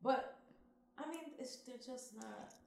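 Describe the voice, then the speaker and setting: A woman co-hosting a podcast in relaxed, chatty conversation, swearing casually. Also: on the high side, slow, gravelly, a crowd in the background. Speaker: podcast co-host. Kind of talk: casual chat. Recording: echoey room.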